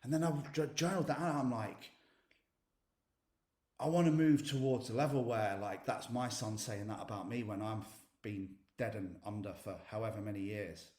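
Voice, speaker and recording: A man's voice: lowish voice, steady tone, normal speed, a little mellow. Blunt man coaching, roomy sound. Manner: blunt, swears freely, emphatic. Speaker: mindset coach. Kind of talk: motivational coaching session. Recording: roomy echo.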